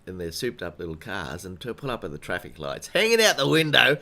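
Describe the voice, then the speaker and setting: A man's voice: medium pitch, very animated, moderate pace, sharp tone. A man hosting a casual live-stream piano lesson, chatty and rambling, greeting viewers by name and still sleepy from just waking up.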